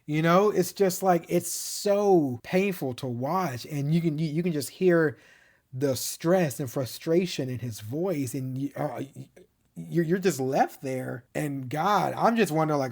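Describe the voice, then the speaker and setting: A man's voice: on the high side, animated, unhurried, a little mellow. A man giving a casual, rambling recap of a TV show, full of "like" fillers and fond enthusiasm. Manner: chatty and rambling, many "like" fillers and restarts. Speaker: TV show reviewer.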